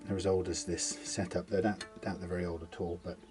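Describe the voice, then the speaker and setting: In his workshop, a male guitar tech talks casually through a setup at a fairly quick pace, his low voice staying level as he rambles and mutters to himself. You can hear a guitar being plucked behind him.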